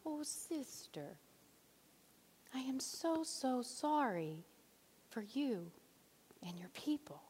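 A woman voicing a gentle, earnest village schoolteacher, speaking softly and slowly in a long-echoing hall. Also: high-pitched, big pitch swings, slight background noise, exaggerated voice. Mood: tender, earnest. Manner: soft, hushed and slow.

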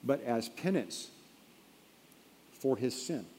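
A man preaching a sermon, telling a story and then pressing the point, rising to emphatic peaks and dropping quiet. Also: medium pitch, lively intonation, slow, a little hiss or hum. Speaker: pastor. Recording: long reverb of a large hall.

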